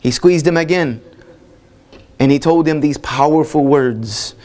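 Southern us guy giving a sermon at a mosque, kinda high voice, punchy repeated lines and questions. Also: normal speed, darkish tone. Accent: Southern American. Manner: emphatic, builds with repeated phrases and rhetorical questions. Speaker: guest speaker at a mosque. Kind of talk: sermon-style lecture.

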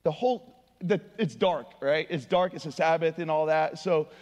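A young man preaching an informal sermon in a church, casual and slangy, talking in quick conversational bursts. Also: a little high, a little mellow. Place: church sanctuary. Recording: long hall reverb.

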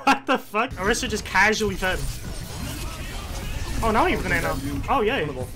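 A young man streaming a competitive shooter, swearing, yelling quick callouts to teammates and reacting loudly to each fight. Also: high voice, expressive, music in the background. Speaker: gaming streamer. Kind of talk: live gameplay commentary and team voice chat.

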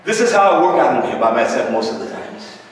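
A man's voice: mid-range voice, big pitch swings, fast. A middle-aged man preaching on the side while he shows a gym machine, speaking plainly to the viewer and checking in with them again and again. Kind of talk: casual demonstration talk to camera. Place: indoor home gym room. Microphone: distant camera mic. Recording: echoey room, voice far from the mic.

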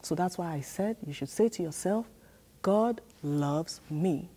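A woman speaking on the low side, a little slowly, in a mellow, husky voice gives a children's church sermon. She emphatically repeats key lines and uses call-and-response, getting the children to answer and repeat after her.

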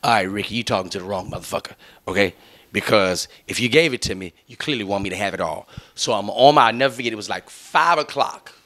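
A man's voice: lowish voice, quick pace, a bit bright. A young adult man hosting a podcast. He tells a long story in loose, profane, laughing chat and acts out the other people's lines. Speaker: podcast host.

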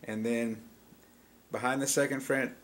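A man's voice: mid-range voice, steady tone, measured pace, fairly bright tone. A man giving a casual step-by-step guitar lesson, explaining chord shapes plainly and easygoingly. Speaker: guitar teacher. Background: acoustic guitar being played.

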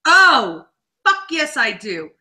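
A woman's voice: high voice, big pitch swings, takes it slowly, pushed and bright. A woman co-hosting a casual talk show, joking and ranting with lots of profanity. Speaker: podcast co-host. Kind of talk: casual chat.

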